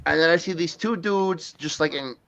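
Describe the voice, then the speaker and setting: A man's voice: a little high, moderate pace, fairly bright tone, no room sound, dull audio. A man hosting a livestream, telling rambling, profane stories in casual chat and laughing often. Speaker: livestream host.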